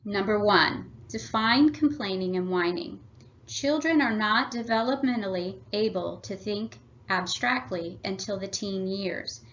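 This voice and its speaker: A woman presenting a family workshop, reading a prepared script in a measured, instructive way. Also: medium pitch, a bit bright. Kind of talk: scripted read-aloud presentation. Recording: slightly dull lo-fi audio.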